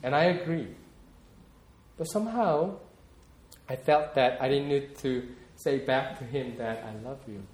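A man's voice: mid-range voice, measured pace, a little mellow, roomy sound. A man preaching a sermon, talking in a reflective, personal way and often repeating words as he searches for them. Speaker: pastor.

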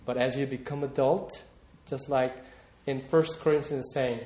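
A man's voice: mid-range voice, fairly even intonation, unhurried, few pauses, darkish tone, echoey room. A man preaching a sermon, talking in a reflective, personal way and often repeating words as he searches for them. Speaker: pastor.

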